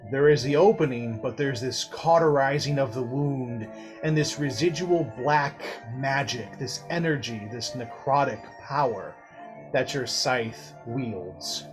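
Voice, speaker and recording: A male game master narrating a tabletop game in a slow, deliberate, dramatic way, with a middle-pitched voice. Music plays clearly beneath him.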